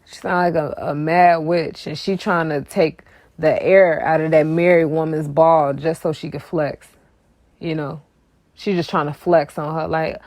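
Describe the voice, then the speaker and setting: Sassy woman vlogger with a lowish voice. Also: steady tone, a little slow, darkish tone, no room sound. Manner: sassy, emphatic, repeats her points. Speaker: music commentary vlogger. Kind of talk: casual reaction commentary.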